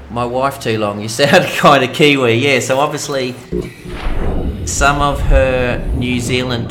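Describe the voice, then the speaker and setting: An Australian man chats casually to his viewers while he plays, rambling from one thought to the next. His voice sits at an ordinary middle pitch, with a steady hiss of noise under it. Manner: chatty, rambling, talks to viewers while playing. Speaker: game streamer. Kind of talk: casual live-stream chat.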